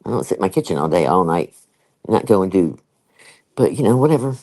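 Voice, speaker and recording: An older woman hosts a casual chat. Her pitch rises and falls a lot as she talks. She is emphatic and chatty, full of asides. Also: animated, brisk, dark tone, poor audio. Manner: chatty and emphatic, laughs often, with many asides. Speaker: live-stream host.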